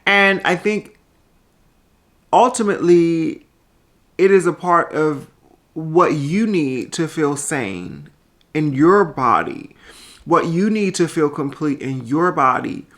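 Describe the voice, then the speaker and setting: A transgender woman vlogging casually at home into a small microphone, chatty and animated, with a habit of talking loudly. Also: low-pitched, slow, pauses often. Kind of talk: casual vlog chat. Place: indoors at home. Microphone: small microphone on a handheld tripod.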